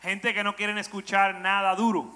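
A man interpreting a sermon live in a church, echoing the preacher's emphasis and shouting when he shouts. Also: sits high, level tone, fairly quick.

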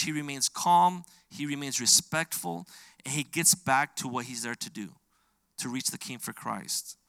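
A man's voice: fairly high pitch, vocal fry, pushed and bright, dry recording. A middle-aged man preaching a sermon, explaining scripture earnestly and growing emphatic when he quotes it.

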